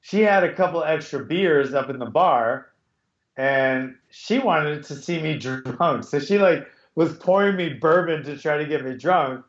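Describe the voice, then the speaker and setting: A man's voice: fairly high pitch, measured pace. A middle-aged man hosting a podcast over a video call, telling a rambling story full of restarts. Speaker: podcast host. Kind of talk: casual chat. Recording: echoey, dull call audio.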